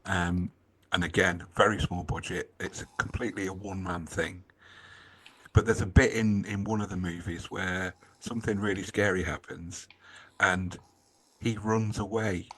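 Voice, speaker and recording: Deep, husky man chatting casually. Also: steady tone, normal speed, fairly bright tone. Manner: rambling, self-interrupting, swears casually. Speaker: podcast co-host. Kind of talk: casual chat.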